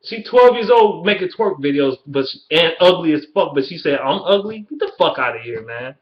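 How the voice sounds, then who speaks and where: A man's voice: fairly high pitch, expressive, a little fast. A young man in his early twenties with a Detroit accent, ranting bluntly and swearing constantly in a casual video. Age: early 20s. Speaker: YouTuber. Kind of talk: profane casual rant. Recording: dull lo-fi webcam audio.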